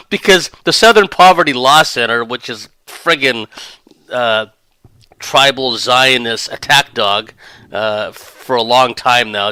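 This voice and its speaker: A man's voice: mid-range voice, sharp tone, smooth, no room sound. A man hosting a rambling monologue commentary, sardonic in tone and often breaking into laughter. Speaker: podcast commentator.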